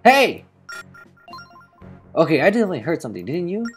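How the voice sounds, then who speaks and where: A man's voice: sing-song, very fast, a little mellow, soft background music. A man voicing a chattery, sassy little female fairy while reading game dialogue aloud. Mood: snippy. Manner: shrill, snippy, reading game text aloud.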